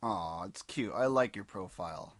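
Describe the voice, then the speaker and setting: Teasing, animated man cohosting. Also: mid-range voice, normal speed, creaky, dry recording. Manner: teasing, swearing, jokey. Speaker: podcast co-host. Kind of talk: casual comedic chat.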